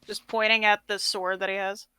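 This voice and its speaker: A woman's voice: medium pitch, bright, forceful tone, smooth, no room sound. Woman voicing a cocky scruffy adventurer gal, mocking, dry close sound. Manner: mocking, playfully skeptical. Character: brash grimy female adventurer, teasing. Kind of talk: tabletop role-play in character.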